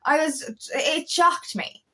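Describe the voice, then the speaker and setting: Fervent, foul-mouthed woman coach. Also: slow. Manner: emphatic, swears freely, repeats words while finding them; swings between high fervent peaks and low quiet asides. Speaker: self-love coach. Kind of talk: casual heartfelt monologue.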